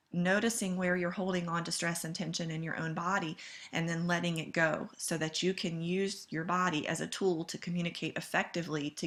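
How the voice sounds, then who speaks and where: A woman lecturer talks through her slides in a calm, measured way. Her voice sits fairly low, and she leans on key words one at a time. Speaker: course instructor. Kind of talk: recorded lecture over slides.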